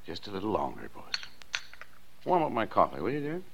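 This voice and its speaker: An actor playing a patient small-town father in a 1940s radio play, talking gently and mildly teasing. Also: lowish voice, huge pitch swings, fairly quick, gravelly, full character voice. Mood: fond. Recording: dull, hissy 1940s radio broadcast.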